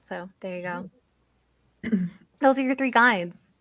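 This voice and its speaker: A woman's voice: medium pitch, slow, a bit bright, dry recording. Woman running a tabletop game. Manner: reads aloud with filler ums. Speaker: dungeon master.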